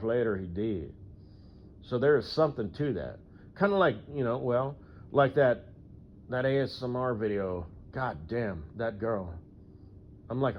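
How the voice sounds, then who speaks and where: A man rambling through a solo audio monologue, full of fillers and frequent throat clearing. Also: fairly low pitch, slight background noise. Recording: dull lo-fi recording.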